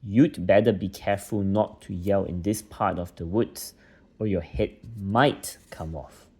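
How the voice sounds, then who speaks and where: Storybook voice: fierce hissing old man read by a father, low and stern. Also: unhurried, darkish tone, slightly rough, full character voice. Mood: scolding. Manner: hissing, scolding. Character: thin fierce old male hushing brownie.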